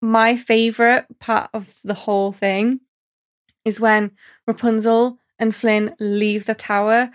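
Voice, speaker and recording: A woman's voice: fairly high pitch, flat delivery, takes it slowly. A woman in a casual chat, talking enthusiastically and acting out quotes in different voices.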